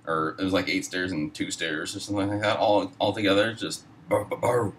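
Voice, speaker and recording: Deep-voiced man telling a rambling story. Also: steady tone, a little fast, a bit bright, recorded from a distance, a little hiss or hum, low-quality recording. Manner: profane, rambling, full of fillers. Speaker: storyteller host. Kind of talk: casual spoken storytelling.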